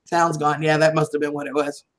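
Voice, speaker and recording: Her voice low and her tone level, a woman hosts a livestream at a brisk pace, chatting casually and laughing often. Her voice is starting to tire, and the audio is poor.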